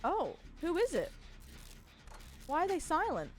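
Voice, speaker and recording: A woman's voice: very high-pitched, huge pitch swings, a little slow. A young woman streaming from home, chatting casually and rambling as she greets her chat by name.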